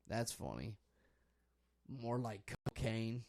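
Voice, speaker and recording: A young man hosting a laid-back podcast, talking in a loose, rambling way. He swears freely and jumps from stories to calling out a game he is watching. His voice sits at a middling pitch. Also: moderate pace. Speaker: podcast host. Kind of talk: casual chat while watching basketball.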